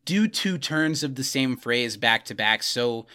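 A young man co-hosting a podcast, recapping a TV episode in animated casual chat. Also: mid-range voice. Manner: animated, quick recaps with acted quotes. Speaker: podcast co-host.

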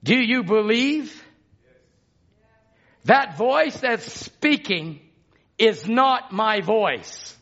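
Guy preaching a sermon, high voice, drawn out slow, goes quiet then shouts, kinda muffled lo-fi sound. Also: lively intonation. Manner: emphatic, swings from hushed to shouting; repeats phrases for emphasis.

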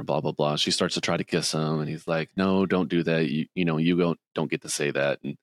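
Here a man co-hosts a podcast, talking at a moderate pace with fairly even intonation and few pauses. He loosely recounts a movie plot, slipping into higher voices to act out the characters' lines. The sound is studio quality with no room sound.

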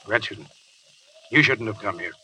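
An actor playing a proud, resolute pirate captain in a 1930s radio drama, speaking in solemn, measured declarations. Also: male voice, on the low side, lively intonation, sharp tone, far from the mic, a little hiss or hum, rough recording.

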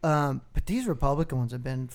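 A man's voice: medium pitch, fairly quick. A man co-hosting a casual podcast, telling stories animatedly with lots of swearing and laughter. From Texas, United States. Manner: profane, animated storytelling with laughs. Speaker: podcast co-host. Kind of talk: casual chat.

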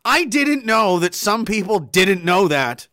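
High-voiced man ranting and laughing. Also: measured pace, no echo, clean studio sound. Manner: animated, swearing, laughing often. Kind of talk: casual storytelling rant.

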